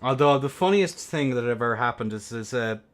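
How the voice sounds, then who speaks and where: A young man hosting a game tournament stream, rambling and swearing between bursts of excited play-by-play commentary. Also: medium pitch, normal speed. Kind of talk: casual livestream game commentary.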